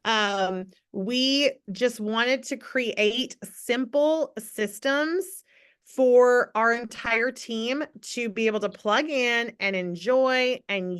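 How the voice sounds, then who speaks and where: Upbeat woman host, slightly high voice, video call, encouraging team leader. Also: a bit bright, clear, resonant tone. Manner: bubbly, encouraging, fast shifts in pace.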